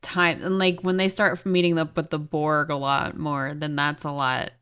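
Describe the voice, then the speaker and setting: Woman, low-ish pitch, bright smooth voice, quick giggly chat. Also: little pitch movement. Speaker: podcast co-host. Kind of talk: casual chat.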